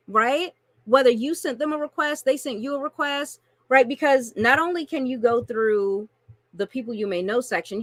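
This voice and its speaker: A woman's voice: on the high side, fairly bright tone, dry recording. Chatty woman coaching with constant check-ins. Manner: chatty, frequent "right?" and "okay?" check-ins. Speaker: online marketing coach. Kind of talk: screen-share tutorial.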